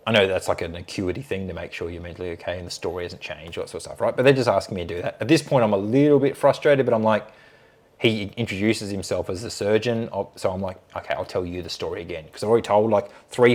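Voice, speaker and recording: A man in his late thirties, a podcast guest telling a story in casual chat, animated and swearing freely. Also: lowish voice. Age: late 30s. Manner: animated, swears freely, acts out others' lines.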